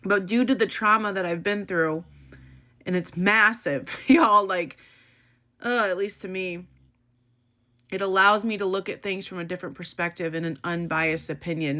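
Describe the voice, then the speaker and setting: With a low-leaning, bright voice and a forceful tone, a content creator from the American Midwest vents in her vlog. She's young, blunt, and emotional, cursing freely and speaking in casual slang.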